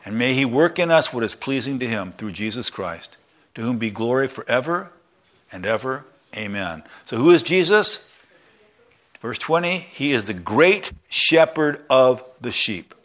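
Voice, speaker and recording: Bright-voiced man preaching a sermon. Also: mid-range voice, a little slow. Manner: folksy, animated, shouts with excitement. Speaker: pastor. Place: church.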